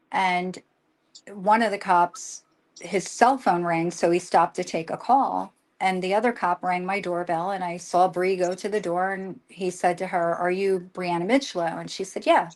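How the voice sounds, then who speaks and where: An older woman tells her family's story in an emotional live conversation, rushing and restarting as she quotes what everyone said. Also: lowish voice, steady tone. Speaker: guest.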